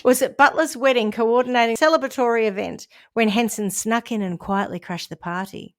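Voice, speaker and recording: A woman's voice: a little high, fairly quick. A woman, a podcast co-host reading a crime story aloud with chatty asides. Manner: reads a news story with asides and laughs.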